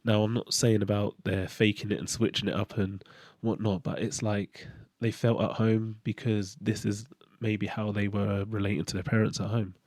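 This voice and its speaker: Candid man, low mellow voice. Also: level tone, no echo, clean studio sound. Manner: candid, halting, searching for words. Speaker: channel host. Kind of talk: reflective personal monologue.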